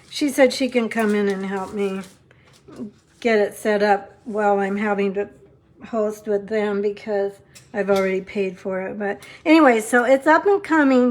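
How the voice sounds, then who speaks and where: A middle-aged woman chatting through a live papercraft demonstration, rambling and openly thankful to her viewers. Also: mid-range voice. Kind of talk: live-stream craft demo chat.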